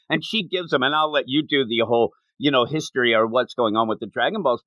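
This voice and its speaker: A man co-hosting a casual podcast, talking with animated energy and laughing often as he acts out bits. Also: medium pitch, dry recording, rough recording. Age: adult, not young. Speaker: podcast co-host.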